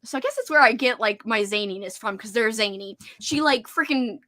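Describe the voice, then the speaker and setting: A young woman from Louisiana with a light Cajun accent, hosting a casual livestream chat, excitable and giggly with many filler words. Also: mid-range voice, fast, dry recording, studio quality. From Louisiana, United States. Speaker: livestream host.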